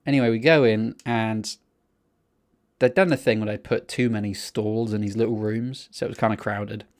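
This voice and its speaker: A man co-hosting a casual podcast, telling rambling, sweary anecdotes in a relaxed chatty way. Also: fairly low pitch, moderate pace. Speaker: podcast co-host.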